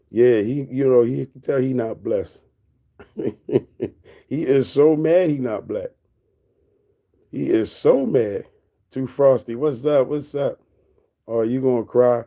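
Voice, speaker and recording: A man's voice: medium pitch, dark tone. A man on a casual livestream, reading and answering his chat in a teasing, mocking way, laughing often.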